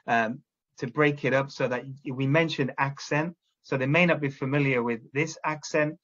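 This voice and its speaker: A man's voice: mid-range voice, fairly bright tone, lo-fi sound. A man training teachers, explaining classroom drilling step by step and often checking in with "okay?". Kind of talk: instructional talk to teachers.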